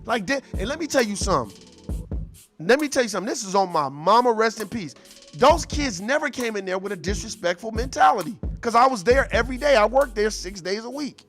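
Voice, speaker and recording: A man telling a story in an animated, profane, streetwise casual rant. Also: high voice, brisk, faint music behind. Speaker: show host.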